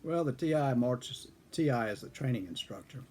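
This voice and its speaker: An older man, a former airman, telling a story from his own past in a casual, folksy way, chuckling and clearing his throat now and then. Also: mid-range voice, animated, moderate pace, darkish tone. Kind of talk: casual spoken memoir storytelling.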